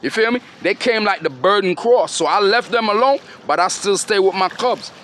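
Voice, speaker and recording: A man's voice: high voice, normal speed, fairly bright tone, slight background noise. A middle-aged man giving a rambling, preachy monologue to his children and followers. He talks in street slang and keeps throwing questions at his listeners.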